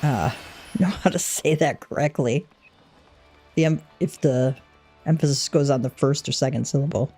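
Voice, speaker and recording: A woman streaming a game, chatting in a relaxed, easygoing way and laughing easily. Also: very deep voice, moderate pace, pauses often, slightly rough, faint music behind. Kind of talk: casual gameplay chat.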